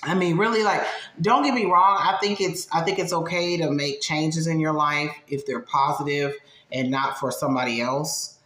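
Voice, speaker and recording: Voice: medium pitch, moderate pace, a bit bright, echoey room. A reaction video host giving blunt, sassy commentary in a casual way.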